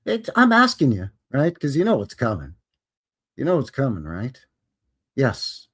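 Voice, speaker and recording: A man from Canada hosts a live stream in a folksy, chatty way, greeting his viewers one by one. His pitch swings widely and keeps the talk animated. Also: unhurried, slightly rough. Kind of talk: casual live-stream chat.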